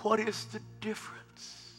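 A man preaching a sermon in a large church, swinging from hushed murmurs to loud shouts. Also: unhurried. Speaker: pastor. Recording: long hall reverb with faint music.

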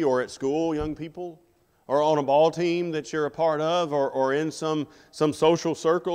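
A man's voice: a little high, clear, resonant tone. Man preaching in a reverberant church. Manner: conversational, asks the audience rhetorical questions. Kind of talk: sermon. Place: church sanctuary.

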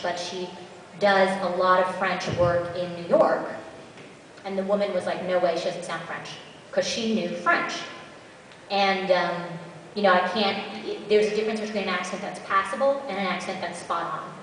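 A medium-pitched woman speaking at normal speed gives chatty, practical advice, with asides, to a convention panel audience as a voice actor. A little hiss or hum rides on the recording, made far from the mic in a large, echoey hall.

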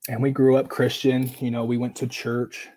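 A man with a husky, slightly breathy voice recounts a painful memory as a podcast guest. His pitch stays flat and even while he talks casually, leaning on fillers and acting out what others said. He comes across as earnest and openly emotional. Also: normal speed, poor audio. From Oregon, USA. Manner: casual, filler-heavy, acts out quoted dialogue. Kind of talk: personal storytelling in conversation.

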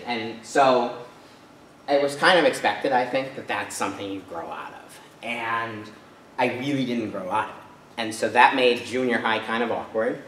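A guest speaker from Rhode Island gives a casual personal talk to an audience in a church hall, recorded from far off in the echoey space with slight background noise. His mid-range voice is bright and forceful at a normal speed, chatty with many fillers and tag questions.

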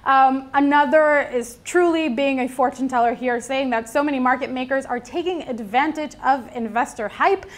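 A woman's voice: high voice, normal speed, hardly any pauses. A young woman from New York co-hosting a casual news show, chatty and reading out comments. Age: young adult. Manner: chatty, reads out comments with filler ums. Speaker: news co-host.

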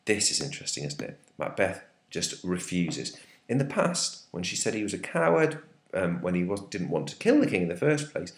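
A man's voice: deep voice, big pitch swings, normal speed. A man, teaching a literature lesson in a chatty, questioning way with frequent ums. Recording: echoey room.

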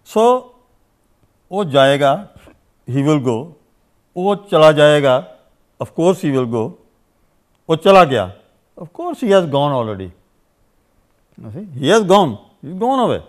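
Pausing often, this Indian man teaches grammar at a moderate pace in a slightly high, sing-song voice. The lecture is unscripted and long-winded, full of "you see"s and "uh"s, with example phrases repeated in two languages.

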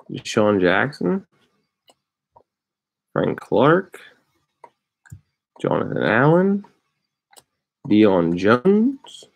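Slow gravelly man opening card packs. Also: mid-range voice. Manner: unhurried, reads out player names with bursts of excitement. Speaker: card break host. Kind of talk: casual card-opening commentary.

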